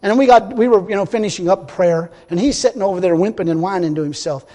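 A man with a notably high voice preaches a blunt, folksy sermon, swinging from quiet asides to loud outbursts. His voice carries a long reverb, as if in a large church sanctuary. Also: fast. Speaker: pastor.

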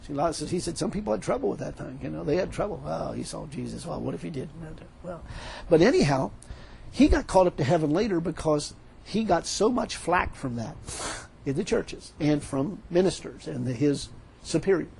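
A man preaching a sermon, animated, retelling a story with quoted dialogue. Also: a little high, a little fast, creaky, slightly rough, low-quality recording.

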